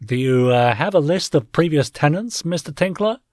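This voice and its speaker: Man reads alien interrogator, measured and probing. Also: a little high, expressive, darkish tone, no room sound, studio quality, voice pushed up, close to an everyday voice. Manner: careful, questioning. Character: wide-eyed alien police officer, probing.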